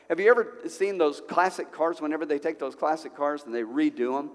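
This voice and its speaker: A male pastor preaching a sermon at a church service, conversational and animated, full of rhetorical questions. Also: on the high side, a little fast. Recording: long hall reverb.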